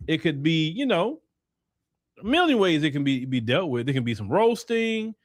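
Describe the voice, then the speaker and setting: Texan man, host of a commentary show: lively, swooping delivery, slightly high voice, dry close sound, emphatic and preachy. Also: moderate pace, no echo. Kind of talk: commentary monologue.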